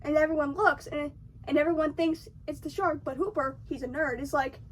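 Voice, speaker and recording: A woman's voice: high voice, fairly even intonation, fairly quick, distant mic, a little hiss or hum. A young woman retelling a film's plot in a chatty, slangy way, acting out the characters' lines as she goes. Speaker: video essayist. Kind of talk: casual film recap.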